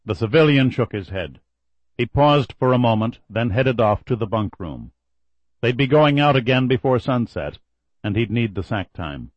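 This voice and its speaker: A man reading a novel aloud in a measured, even storytelling manner. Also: lowish voice, no room sound, muffled recording. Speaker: audiobook narrator. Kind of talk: scripted narration.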